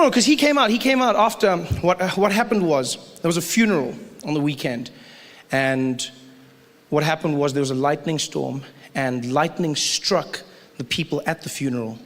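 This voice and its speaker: A man with a South African accent doing stand-up comedy on a live stage, animated and slipping into acted-out voices of other people. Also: on the high side, in a large hall. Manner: animated, loud character voices, acted-out quotes. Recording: live room noise.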